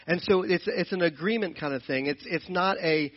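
A man's voice: on the high side, normal speed, lo-fi sound. A man teaching from the Bible in an earnest, explanatory way, often repeating and restarting his phrases. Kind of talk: sermon-style Bible teaching.

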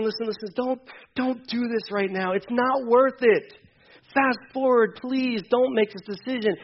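A male pastor preaching a sermon to a congregation, emphatic and urgent, dropping into quiet asides. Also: high-pitched, muffled recording. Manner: emphatic, swings between loud urging and quiet asides. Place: church hall with a congregation.

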